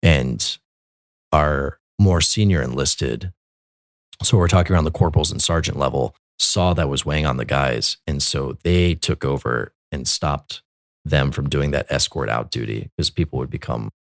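In studio-quality, dry audio, a man with an extremely low, vocal-fried voice speaks at normal speed. He is a Catholic military chaplain, telling his story in a rambling, conversational way, with lots of fillers and restarts.

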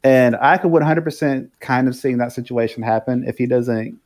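A man's voice: mid-range voice, normal speed, a little mellow. A man casually co-hosting a sports podcast, easygoing and chuckling as he talks. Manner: easygoing, chuckling, mimics people in quotes. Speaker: podcast co-host.

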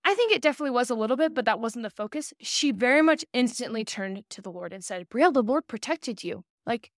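A woman's voice: a little high, lively intonation, fast, no room sound, clean studio sound. A young woman in her twenties, a podcast guest, telling a personal story in earnest and acting out the people she quotes. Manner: earnest, acts out quoted dialogue.

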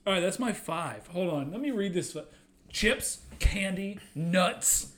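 A man's voice: high-pitched, animated, slow, fairly bright tone. Playful man bantering on a podcast. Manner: joking, teasing, laughs often. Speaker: podcast co-host.

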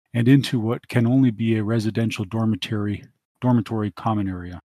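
A man with a slightly husky voice narrates a tabletop game as its game master. His delivery is steady and descriptive. The sound is dry and close. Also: lowish voice, no room sound.

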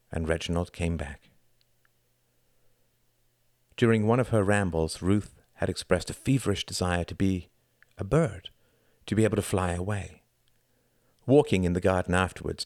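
A man reading an audiobook in a measured, deliberate scripted narration. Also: low voice, a little mellow, no echo, clean studio sound.

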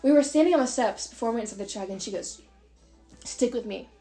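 A young woman in her twenties tells a story on a casual podcast, her voice sitting a bit high. She is animated, swears freely and slips into the voices of the people she quotes. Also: racing, faint music behind. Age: 20s. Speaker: podcast co-host.

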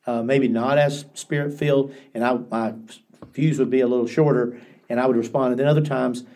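An older male pastor tells stories with an earnest, reflective manner, often circling back to restart a thought. His voice is warm and mellow, sitting at an ordinary middle pitch for a man. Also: steady tone, a little fast. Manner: earnest storytelling with frequent restarts. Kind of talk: podcast interview.

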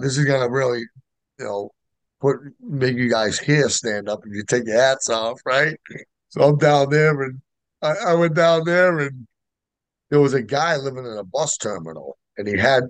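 A middle-aged man with a gravelly, creaky voice. He tells his recovery story in casual, slangy talk with lots of fillers. The sound is dry and close, with no room around it. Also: medium pitch, no room sound. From Boston area. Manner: emotional, street slang, many fillers. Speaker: guest sharing recovery story.

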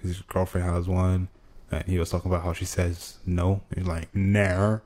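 A man's voice: low voice, monotone, moderate pace, warm tone. A man from Nigeria co-hosting a podcast, talking bluntly and casually with plenty of swearing. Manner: blunt, profane, laid-back. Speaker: podcast co-host. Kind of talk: casual chat.

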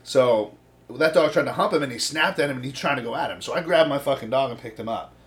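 A man's voice: mid-range voice, fast talker. A man in casual chat, telling stories with lots of swearing and acted-out quotes. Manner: profane, animated storytelling with quoted voices.

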